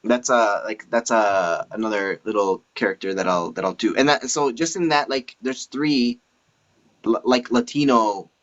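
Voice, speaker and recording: A male comedian hosting a casual live-stream chat, talking haltingly and restarting his sentences. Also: on the low side, a bit bright, dull audio. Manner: halting, many fillers and restarts.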